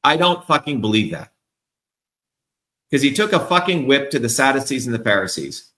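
A man's voice: mid-range voice, expressive, normal speed, a bit bright, roomy sound. A man being interviewed as a political candidate, ranting in a combative, profane, emphatic way. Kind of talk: heated interview rant.

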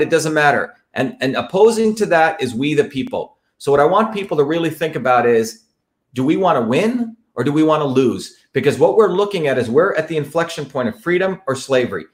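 Hosting his own show, an Indian man delivers a fiery political monologue in a somewhat high male voice. He is emphatic and repetitive, pressing his points again and again to rally his listeners.

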